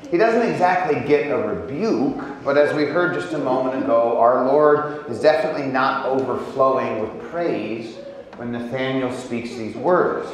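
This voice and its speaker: A man from Indiana preaching a sermon as pastor, relaxed and conversational with touches of humor. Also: medium pitch, heavy reverb, poor audio. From Indiana, USA. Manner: conversational and humorous, with acted quotes.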